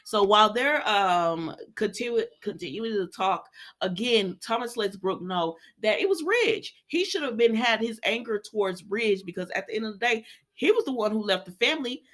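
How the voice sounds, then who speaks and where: A woman chatting casually as she recaps a soap opera, a lively storyteller who acts out the characters' lines. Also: medium pitch, moderate pace. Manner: chatty, lively storyteller acting out quotes in voices.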